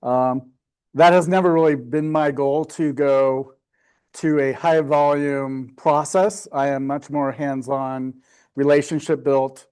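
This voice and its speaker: A man's voice: fairly high pitch, darkish tone, clear, resonant tone. A middle-aged man presenting to a photography club in a casual, sarcastic and self-deprecating way.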